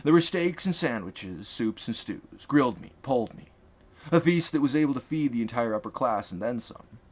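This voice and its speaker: A man reading a fantasy audiobook aloud in an expressive, dramatic manner. His pitch rises and falls a great deal, giving the narration strong shape. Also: moderate pace. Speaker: author and narrator.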